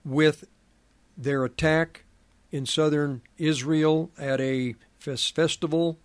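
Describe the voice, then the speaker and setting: A middle-aged man hosting a prophecy commentary program, speaking in a slow, halting way with many fillers and restarts. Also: on the high side, fairly even intonation, no room sound. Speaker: radio program host.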